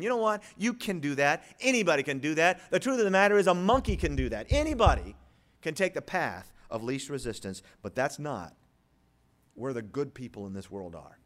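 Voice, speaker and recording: A pastor preaching a sermon, swinging from loud rhetorical questions to low, quiet passages and acting out the voices of imagined listeners. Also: male voice, big pitch swings, brisk.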